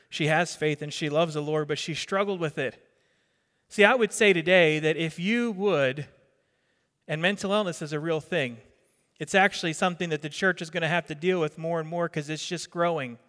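A man's voice: fairly high pitch, bright, forceful tone. A middle-aged man from New Jersey preaching a sermon in a conversational way, quizzing the congregation and repeating his words. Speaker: pastor. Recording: long reverb of a hall.

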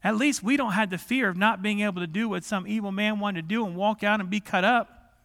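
A man's voice: sits high, a little fast, fairly bright tone. A male pastor preaching a sermon in a church, moving from easy conversational talk to impassioned pleading. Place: church sanctuary. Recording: long hall reverb.

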